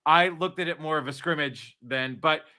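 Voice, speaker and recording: Bright sharp-sounding guy, kinda high, telling stories all animated, just chatting. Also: moderate pace, smooth. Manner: animated storyteller, acts out quotes. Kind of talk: casual chat.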